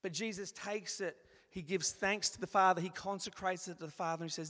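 A man preaching a sermon in an animated, conversational way, acting out little asides as he goes. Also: high voice, fairly quick. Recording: long reverb of a large hall.

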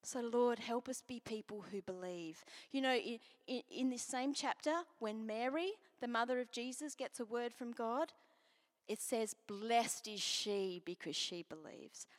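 A woman preaching a sermon and reading scripture, earnest, moving from strong emphasis to soft near-whispers. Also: on the high side, unhurried. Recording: long hall reverb.

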